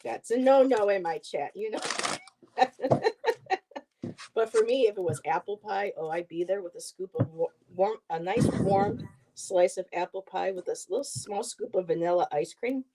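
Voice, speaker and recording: Speaking at medium pitch and a normal pace over background noise, she co-hosts a livestream as its tarot reader. She's chatty and warm-hearted, reading the cards' text out loud and adding offhand comments for viewers.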